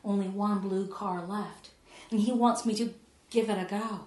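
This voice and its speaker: Woman poet reading her stuff real slow, lowish voice, soft and hushed, echoey room. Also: fairly even intonation, slight background noise. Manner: measured, soft, often dropping to a hush. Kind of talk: poetry reading to an audience.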